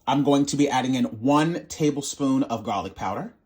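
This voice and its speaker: A man's voice: medium pitch, normal speed, darkish tone. A man hosting his cooking channel, walking through a recipe in a casual, sassy, playful way and calling viewers baby and honey.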